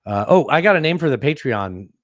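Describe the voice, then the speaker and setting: Man, podcast host, opinionated, rambling explanations, dry close mic, middle pitch. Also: sing-song, fairly quick, no echo. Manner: opinionated, explains at length with restarts. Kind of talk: casual political chat.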